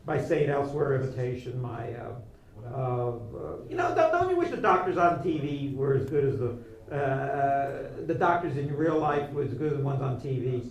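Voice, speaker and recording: A man doing a rambling comic bit as a doctor, halting and full of stops and restarts. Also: medium pitch, animated, a little hiss or hum. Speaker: guest playing a doctor. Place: small studio. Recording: echoey room from far off, music behind.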